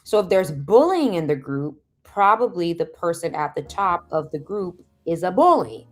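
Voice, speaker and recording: A woman hosting a live stream, giving casual advice and telling stories, laughing often and switching into a squeaky high voice when she acts out other people. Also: expressive, normal speed. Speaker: host of a self-help livestream. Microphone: video call or stream mic.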